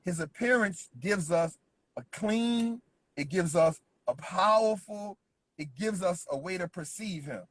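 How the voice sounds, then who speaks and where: Emphatic husky man coaching on business. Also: sits high, expressive, a little slow, fairly bright tone, dry recording. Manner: emphatic, repeats points with constant "right?" check-ins. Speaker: business speaker. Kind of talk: motivational business talk.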